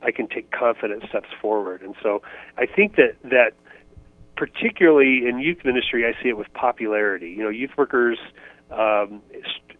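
A man's voice: mid-range voice, normal speed, dry recording. A man from Indiana, a ministry author and interview guest, talking earnestly and reflectively with many fillers and restarts. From United States, Indiana. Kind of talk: conversational interview answers. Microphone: phone line. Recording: tinny phone line, dry.

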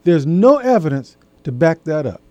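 A man's voice: a little high, very animated, normal speed, a little mellow, no room sound, highs cut off. A middle-aged man hosting a casual talk, addressing his audience directly and repeating key phrases for emphasis. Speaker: host.

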